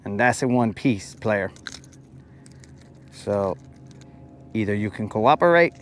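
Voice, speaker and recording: A man's voice: on the low side, lively intonation, takes it slowly, a little hiss or hum. A young man casually talking to viewers while fishing, joking around in playful, slangy banter. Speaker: fishing vlogger.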